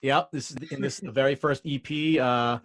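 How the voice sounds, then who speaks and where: Male bassist, easygoing joker, mid-pitched everyday voice. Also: fairly even intonation, a little fast. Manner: joking, storytelling. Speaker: band bassist. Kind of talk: casual chat.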